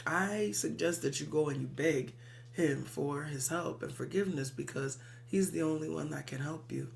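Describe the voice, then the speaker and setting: A woman's voice: deep voice, normal speed, creaky. A woman voicing a confident male thunder deity who warns people to seek help. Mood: warning. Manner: teasing, urgent advice.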